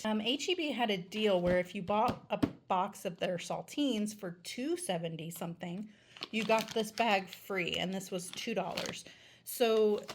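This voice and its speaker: A woman's voice: mid-range voice, noisy background. A woman, chatting casually in a home vlog from her kitchen, rambling with fillers and a little out of breath. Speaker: vlogger. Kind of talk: casual chat. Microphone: handheld phone camera.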